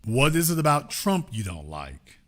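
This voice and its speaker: A man's voice: medium pitch, big pitch swings, normal speed, fairly bright tone. A man hosting a call-in show, pressing a caller with repeated questions and cutting in with "ma'am.". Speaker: show host. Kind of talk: confrontational call-in debate.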